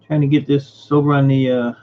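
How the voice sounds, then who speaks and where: A man's voice: medium pitch, flat delivery, a little fast, muffled recording. A man hosting a casual livestream, greeting viewers by name and muttering while he fixes his setup. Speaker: livestream host. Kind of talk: casual live-stream chat.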